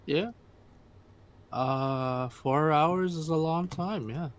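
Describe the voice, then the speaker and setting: A man joining as a guest on a casual reaction stream, with a hesitant, halting manner. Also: fairly high pitch.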